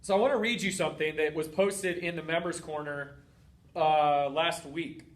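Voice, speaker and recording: High-voiced earnest man coaching. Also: normal speed. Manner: earnest, emphatic, piles up repeated phrases. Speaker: host and fitness coach. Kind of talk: heartfelt motivational talk.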